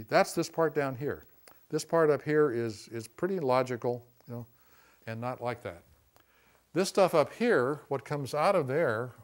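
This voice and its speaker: Middle-aged man teaching a class. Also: mid-range voice. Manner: conversational, repeats "see" to stress points. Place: room with a class.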